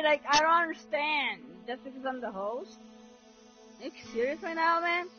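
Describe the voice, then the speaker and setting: A woman hosting a live gaming stream, excitable and loud, swearing and thanking viewers as she plays. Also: high-pitched, normal speed. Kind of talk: casual live-stream chat while gaming. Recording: dull lo-fi stream audio with music behind.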